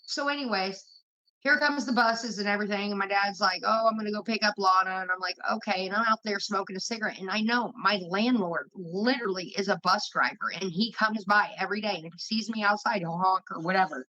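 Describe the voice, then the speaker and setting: A woman's voice: medium pitch, a little fast, sharp tone. A young woman hosting a livestream, telling rambling stories full of profanity in casual chat. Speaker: livestream host. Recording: muffled lo-fi stream audio.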